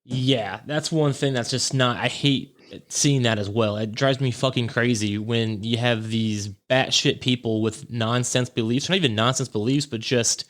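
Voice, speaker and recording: A man's voice: mid-range voice, steady tone, moderate pace, few pauses, a bit bright. A man hosting a podcast in casual chat, reacting to his guest with short remarks, blunt and profane. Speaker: podcast host.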